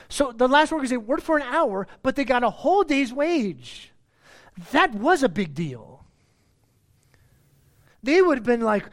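A man's voice: high voice, very animated, a little slow, pauses often. A man preaching a sermon in a loose, conversational way, trailing off into restarts and repeated words. When he drives a point home he pushes his voice up and out, then settles back down. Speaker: pastor.

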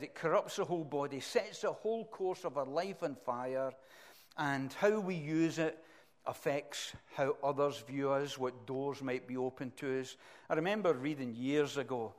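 A middle-aged Scottish man preaching a sermon, emphatic and animated, swinging between loud bursts and quiet asides. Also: a little high. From Scotland.

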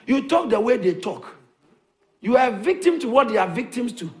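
Animated high-voiced male preacher. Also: moderate pace. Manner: animated, repetitive preaching, chuckles between points. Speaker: pastor. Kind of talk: sermon.

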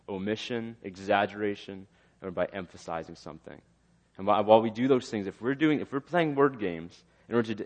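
A man's voice: low-pitched, long reverb tail. A young man preaching a sermon, talking through a story with restarts and self-corrections.

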